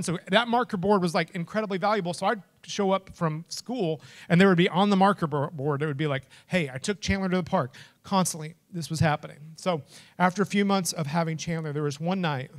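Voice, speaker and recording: A middle-aged man preaching a sermon as a lively storyteller, acting out voices and shouting names. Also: high voice. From Texas. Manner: animated storyteller, acts out quotes and shouts. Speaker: pastor.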